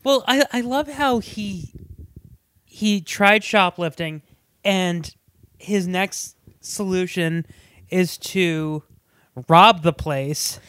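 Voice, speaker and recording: A man's voice: high voice, drawn-out words, fairly bright tone, smooth, dry recording. A man co-hosting a casual movie chat, joking and acting out the characters' lines. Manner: jokey, acts out characters' lines in silly voices. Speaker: podcast co-host.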